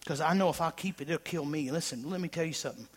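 A male pastor preaching a sermon, swinging from loud emphatic declarations to hushed, intimate tones. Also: on the high side, quick pace, slightly rough.

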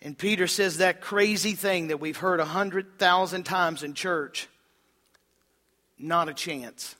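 Bright-voiced impassioned preacher man. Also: slow, long reverb tail. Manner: impassioned preaching, swings from loud emphasis to hushed low tones. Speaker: pastor. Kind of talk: sermon.

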